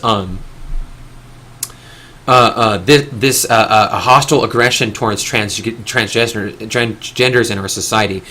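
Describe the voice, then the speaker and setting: A man's voice: mid-range voice, measured pace, sharp tone. A young man hosting a casual discussion, talking earnestly in long, rambling stretches with frequent restarts. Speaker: discussion host.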